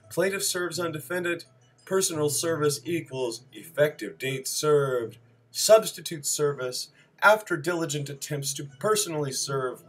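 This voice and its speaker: A man with a mid-range, fairly bright voice reads terse civil procedure study notes aloud as a list, adding wry asides and apologetically backtracking. The recording quality is low.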